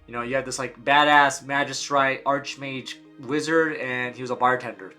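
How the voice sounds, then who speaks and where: A man's voice: medium pitch, fairly even intonation, normal speed, bright, forceful tone, faint music behind. A man casually recalling old gaming days, rambling and slangy as he reads old posts aloud. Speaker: gaming video creator. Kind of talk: casual nostalgic retrospective.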